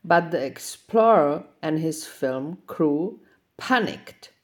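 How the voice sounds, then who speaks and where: A woman reads a children's picture book aloud in a gentle, expressive way. Her voice is fairly low for a woman, and it rises and falls widely. She reads very slowly and unhurriedly. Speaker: storyteller.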